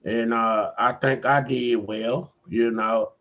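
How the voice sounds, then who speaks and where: A man's voice: mid-range voice, steady tone, takes it slowly, fairly bright tone, dull audio. A middle-aged man casually telling a story to the camera, rambling and full of "you know" fillers. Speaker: vlogger.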